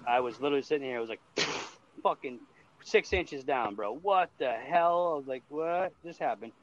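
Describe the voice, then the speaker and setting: A man's voice: mid-range voice, expressive, normal speed. A man from Massachusetts with a Boston accent, chatting casually on his stream, rambling loosely and swearing constantly. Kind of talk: casual chat. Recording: dull lo-fi sound.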